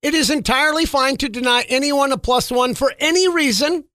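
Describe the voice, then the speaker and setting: A man's voice: extremely high pitch, a little fast, bright, forceful tone, no echo, studio quality. A man hosting a radio-style podcast, reading out news items and adding wry, sarcastic asides. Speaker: podcast host. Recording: music bed under the voice.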